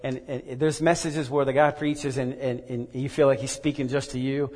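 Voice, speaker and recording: A man preaching a sermon and telling a personal story, earnest and halting, often repeating words. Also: medium pitch, little pitch movement, a little mellow. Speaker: pastor. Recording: echoey hall reverb.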